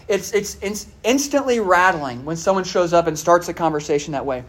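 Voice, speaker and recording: Animated and brisk, this medium-pitched preacher gives his sermon in a conversational manner. He keeps asking the audience questions, and his talk is sprinkled with frequent "all right"s and "uh"s.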